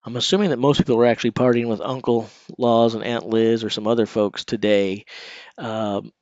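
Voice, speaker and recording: A man's voice: medium pitch, little pitch movement, a little fast, darkish tone, dry recording, highs cut off. A man hosting a casual live stream, chatting straight to his viewers. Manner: conversational, talks straight to viewers.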